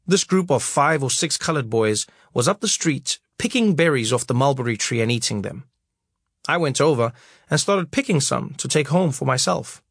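A man's voice: medium pitch, expressive, normal speed, gravelly, fairly bright tone, slightly rough, no room sound. A man reading his memoir aloud, wry and storytelling, on a close studio mic. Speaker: narrator.

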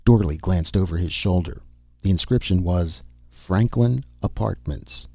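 A man narrating a science fiction audiobook in a steady storytelling manner. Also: deep voice, normal speed, no room sound. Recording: dull dry recording.

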